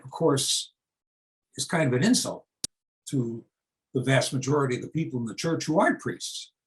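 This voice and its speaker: Older man from the US, seventies, unscripted talk to a group, mid-pitched voice, conversational, frequent restarts and fillers, blunt rhetorical questions. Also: low-quality recording. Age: 70s. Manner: plain-spoken, rhetorical questions answered himself. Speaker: speaker on church reform.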